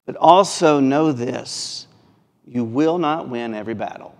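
A man's voice: medium pitch, a little slow, a little mellow. A man with a Mississippi accent preaching a sermon as pastor, earnest and building through repeated phrases. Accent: Mississippi Southern. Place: church sanctuary. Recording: long church reverb.

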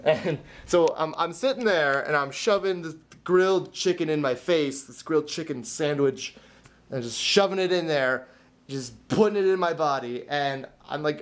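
A man with a fairly high voice chatting to camera in a casual vlog. He rambles and restarts his sentences often, joking at his own expense as he goes along. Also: normal speed. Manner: rambling, stammering restarts, self-deprecating. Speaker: vlogger.

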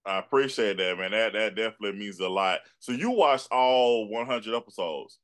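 A man's voice: fairly low pitch, clean tone. A man, an actor and producer, telling stories as a guest in a casual chat. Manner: relaxed, unhurried storyteller. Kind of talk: casual conversation.

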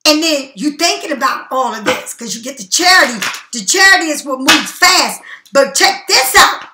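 Blunt, high, bright-voiced tarot reader woman. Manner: blunt, profane, preachy and emphatic. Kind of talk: casual tarot reading monologue. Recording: echoey room.

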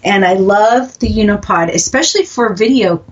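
A chatty woman hosts a casual radio talk, rambling through her thoughts with frequent restarts. Her voice sits at an ordinary middle pitch. The audio is dull and lo-fi. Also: moderate pace. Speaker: podcast host, skeptic. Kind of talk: casual chat.

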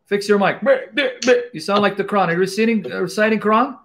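Man, high voice, taunting live-stream debate host, mocking, combative. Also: fairly even intonation, very fast, a bit bright.

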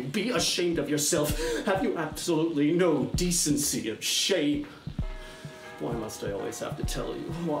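A man delivers a nagging, scolding theatrical monologue, rattling off one stock phrase after another. His voice sits a little high for a man and rings around a roomy space. Loud instrumental music plays underneath him throughout. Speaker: stage performer. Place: small closet stage.

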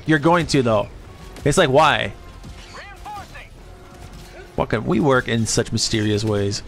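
A man in his thirties live-streaming a game, rambling and swearing casually, and jumping into high squeaky voices when he quotes people. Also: expressive, takes it slowly, creaky, pauses often, fairly bright tone, faint music behind. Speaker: livestreamer. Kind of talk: rambling casual chat while gaming.

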